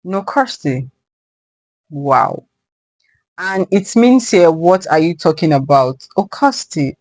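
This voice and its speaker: A reaction host giving casual commentary, slowly sounding out unfamiliar words. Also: mid-range voice, expressive, dry recording, rough recording. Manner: slow, tries out words aloud.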